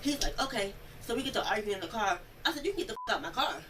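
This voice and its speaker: A young woman recounting an incident in an interview, telling it in a rambling, animated way and acting out the quoted speech. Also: fairly high pitch, racing. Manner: animated storytelling, acts out quoted speech, many "like" fillers. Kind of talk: rambling first-person account. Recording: distant mic, noisy room audio.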